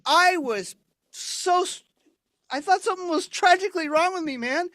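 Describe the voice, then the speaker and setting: A man's voice: very high voice, moderate pace, fairly bright tone, dry recording, clean studio sound, pitched above the performer's own voice. A man playing a flustered, put-upon straight man who whines and stammers in indignation. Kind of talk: comedy double act on a video call.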